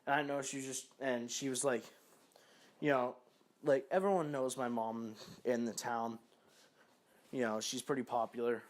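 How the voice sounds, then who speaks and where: Casting: young male vlogger, mid-pitch, rambling and profane, loose storytelling. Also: steady tone, moderate pace, pauses often. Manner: profane, rambling, lots of fillers. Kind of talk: casual storytelling to camera.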